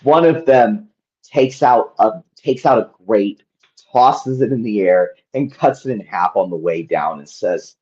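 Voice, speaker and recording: A man's voice: on the low side, animated, measured pace, dark tone, lo-fi sound. A man narrating as game master in a tabletop game, rambling with lots of ums and likes.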